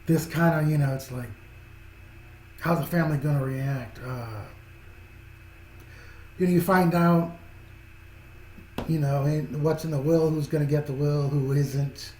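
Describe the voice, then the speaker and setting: Rambling man with a mellow, echoey voice. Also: on the high side, fairly even intonation, unhurried, long pauses. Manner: rambling, repeats and restarts phrases, chuckles often. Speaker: film reviewer. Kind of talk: casual spoken film review. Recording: echoey room with faint background noise.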